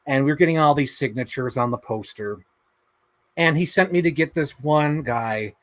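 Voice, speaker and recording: A man's voice: fairly high pitch, moderate pace, a bit bright, lightly acted. A man imitating his adult sister, chatty and offhand, in a raised voice. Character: breezy, clueless adult sister.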